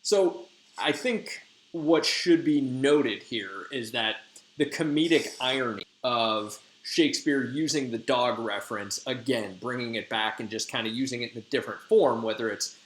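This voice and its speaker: A man's voice: medium pitch, normal speed, fairly bright tone. A male teacher casually retelling a play to his class in slangy, conversational talk. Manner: slangy, conversational, lots of fillers. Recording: echoey room.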